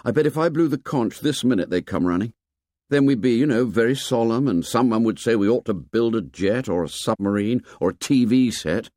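A man's voice: medium pitch, animated, fairly quick, a little mellow, dry recording, clean studio sound, pitched above the performer's own voice, lightly acted. A man doing Ralph, an exasperated boy leader. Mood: frustrated. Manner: exasperated, complaining, reasoning. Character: weary, frustrated boy leader.

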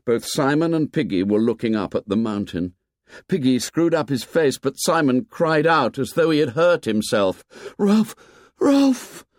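A man narrating a novel in a measured, expressive storytelling manner. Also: medium pitch, dry recording, studio quality. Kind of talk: audiobook narration.

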